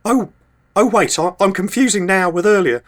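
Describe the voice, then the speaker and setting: A man doing a high, dithering confused old lady. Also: normal speed, natural voice. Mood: rambling. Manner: dithering, stammering, forgetful. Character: confused, rambling older lady.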